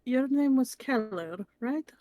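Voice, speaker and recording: A woman playing a calm advising woman. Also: high voice, pitched above the performer's own voice. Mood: firm. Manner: calm, measured, gently stern.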